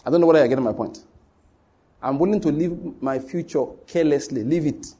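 A pastor with a Nigerian accent preaches to his congregation, addressing them directly in an emphatic, repetitive style. His voice sits on the high side and is husky with a warm tone, and he moves at a brisk clip.

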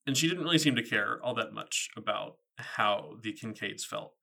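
Low gravelly man with a bright edge. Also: lively intonation, normal speed. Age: 30s. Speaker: podcast co-host. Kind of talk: casual book-discussion chat.

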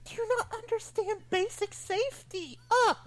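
A woman's voice: extremely high pitch, normal speed, a crowd in the background. A woman co-hosting a comedy podcast, talking casually, exasperated and swearing freely. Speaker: podcast co-host. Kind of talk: casual comic chat.

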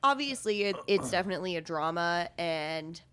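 A woman talking freely on a podcast, dropping "you know" as she goes. Her voice sits a bit low for a woman. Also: expressive, moderate pace, fairly bright tone, slight background noise. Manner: chatty, fillers, frequent "you know". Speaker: podcast co-host. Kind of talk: casual chat.

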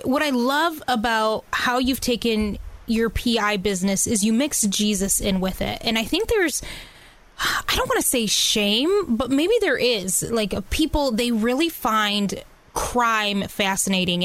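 A woman's voice: a little high, a bit bright, no echo. A woman hosting a radio interview in a chatty, enthusiastic way. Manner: enthusiastic, chatty, laughs easily. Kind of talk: casual interview chat.

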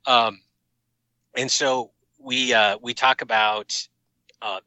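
Laid-back man, bright voice. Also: medium pitch, fairly even intonation, slow pace, clean tone, no room sound, rough recording. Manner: laid-back, self-deprecating, laughs easily. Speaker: podcast guest, co-host of his own show. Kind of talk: casual chat.

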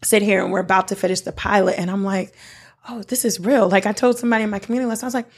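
A woman guest in an interview, talking in an excited, rambling way with many fillers and restarts, from South Africa. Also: mid-range voice, racing. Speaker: guest, nonprofit founder. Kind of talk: casual interview talk.

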